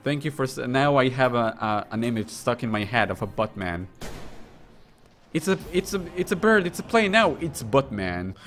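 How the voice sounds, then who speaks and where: A young man streaming a game, commenting loudly with crude jokes and sudden yells. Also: mid-range voice, moderate pace, faint music behind. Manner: excitable, yelling and crude joking. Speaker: gaming streamer.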